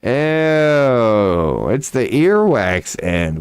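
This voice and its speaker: A man's voice: mid-range voice, very animated, slow, darkish tone, clear, resonant tone, no echo. A man streaming casually from a small room at home, swearing, laughing and talking to a mouse. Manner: profane, laughing, talks to a mouse. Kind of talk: casual solo stream chat.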